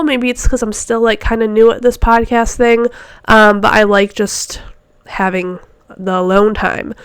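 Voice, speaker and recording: A woman's voice: a little high, a bit bright, smooth, dry recording. A woman hosting her own podcast as a fitness coach, talking in a chatty, rambling way with lots of fillers. She sounds stuffy and nasal from a cold and gets a little short of breath. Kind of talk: casual solo podcast chat. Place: home office.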